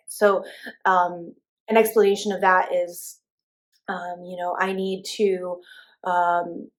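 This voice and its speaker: Woman, young adult, spiritual teacher, casual chatty delivery, fillers and restarts, mid-pitched. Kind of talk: casual spoken class.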